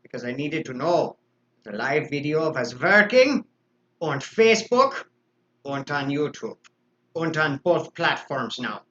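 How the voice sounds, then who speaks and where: A pompous mock doctor, as a man puts him on, lecturing in a hammy put-on foreign accent with drawn-out words. His pitch swings widely and his tone is bright and sharp. The live-stream audio sounds dull and lo-fi. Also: big pitch swings, slight background noise. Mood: grandly lecturing. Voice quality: put-on foreign accent, slow theatrical delivery. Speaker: host.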